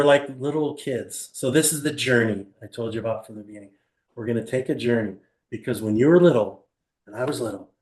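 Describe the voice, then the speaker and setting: An older man with a mid-range voice gives a motivational seminar live to a small room, and the sound is reverberant. His animated storytelling includes audience questions, rhetorical questions, and acted-out portrayals of others.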